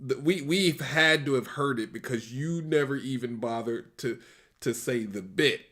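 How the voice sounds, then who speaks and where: A man co-hosting a casual chat, excitable and quick to cut in, often stammering as he restarts his sentences. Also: mid-range voice.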